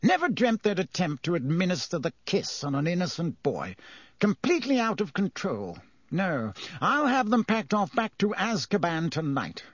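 Blustering, pompous storybook official, voiced by a man; barks, pitched up. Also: very animated, normal speed, husky, no room sound, clean studio sound, heavily acted. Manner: blustering and barking. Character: flustered, pompous male government minister.

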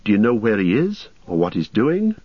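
An anxious young hobbit, as a man puts him on, raised in pitch, with eager, searching questions. The voice stays husky and the recording a little dull. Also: wildly swooping pitch, normal speed, no room sound, exaggerated voice. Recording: slightly muffled recording.

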